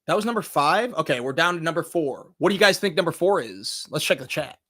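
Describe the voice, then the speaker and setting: Host, male, high and bright, very animated delivery, livestream movie countdown. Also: a little fast. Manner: excitable, swings between loud bursts and low asides, swears casually. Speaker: movie review show host.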